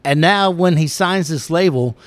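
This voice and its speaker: A man's voice: a little high, moderate pace, dry recording. A man hosting a casual talk show, rambling through stories and laughing often. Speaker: host. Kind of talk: casual radio-style show chat.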